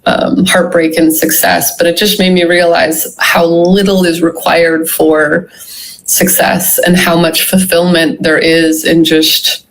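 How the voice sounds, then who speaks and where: A woman's voice: fairly low pitch, low-quality recording. A woman being interviewed about her memoir, telling a personal story in a reflective way, full of "you know" and "like". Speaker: guest, memoir author.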